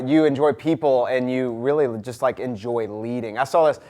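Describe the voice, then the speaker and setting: A man hosting a school podcast, upbeat and chatty and quick to laugh. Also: mid-range voice, darkish tone. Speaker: school ministry director and podcast host. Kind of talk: casual interview.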